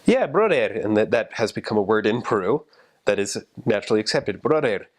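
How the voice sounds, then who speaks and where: A man talking casually about language, explaining in a relaxed way with fillers. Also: on the low side, brisk.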